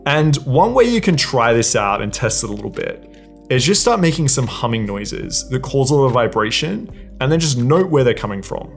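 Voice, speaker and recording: A man's voice: mid-range voice, big pitch swings, moderate pace, creaky, soft background music. A young man giving a casual voice lesson, explaining breathing and resonance and demonstrating exercises. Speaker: dating and voice coach. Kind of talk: instructional talk to camera.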